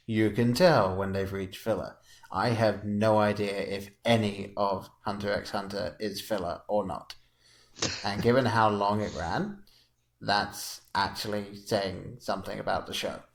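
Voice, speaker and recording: Low-voiced man chatting on a podcast. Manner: relaxed, rambling, chuckles often. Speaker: podcast co-host. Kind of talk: casual podcast chat.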